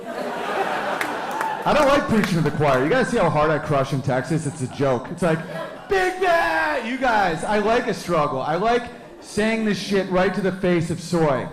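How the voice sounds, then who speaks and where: A man's voice: high voice, very animated, moderate pace, reverberant. A man in his thirties doing a brash, crude stand-up set on a club stage, riffing with the crowd. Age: 30s. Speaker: stand-up comedian.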